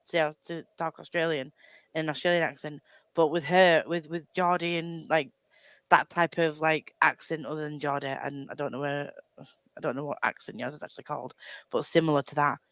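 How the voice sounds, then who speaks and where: Chatty rambling woman, smooth voice. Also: sits low, steady tone, fairly quick, a bit bright, no echo. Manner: rambling, self-deprecating, frequent laughs and restarts. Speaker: book club co-host. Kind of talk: casual book chat.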